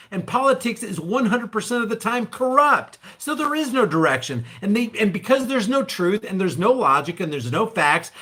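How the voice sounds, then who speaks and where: Male vlogger, high bright voice, emphatic ranting commentary. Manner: emphatic, acts out mocking voices of others.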